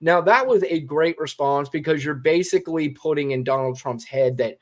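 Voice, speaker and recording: A man co-hosts a casual political talk show in a blunt manner. He swears freely and reads quotes aloud. His voice sits a little high for a man. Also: moderate pace. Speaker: co-host.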